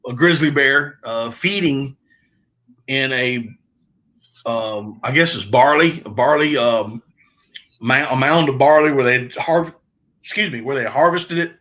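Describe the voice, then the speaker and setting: Bright-voiced Southern man, easygoing. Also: mid-range voice. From Southern United States. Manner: easygoing, rambling storyteller with many fillers. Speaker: podcast host. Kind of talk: casual outdoors chat on a livestream.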